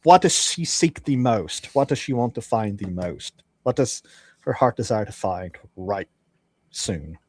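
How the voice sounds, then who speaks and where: Animated male game master. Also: lowish voice, unhurried, breathy edge, no room sound. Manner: animated, jokey. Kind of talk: narrating a tabletop game.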